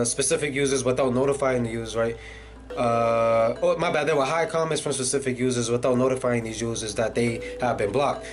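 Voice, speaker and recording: Ranting man over background music. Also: medium pitch. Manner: ranting, profane, many fillers. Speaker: vlogger. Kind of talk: casual video commentary.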